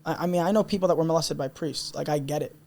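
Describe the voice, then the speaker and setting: A man's voice: a little high, fast, a little mellow. A young man telling a personal story in a candid, intense, earnest way, as a podcast guest. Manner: intense, earnest, repeats himself.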